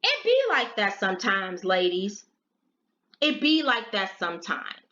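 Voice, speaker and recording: A woman's voice: mid-range voice, measured pace. A middle-aged woman telling a story and giving blunt, profane advice in casual vlog talk. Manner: blunt and profane, animated retelling. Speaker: vlogger giving advice to sex workers. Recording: echoey room, dull lo-fi sound.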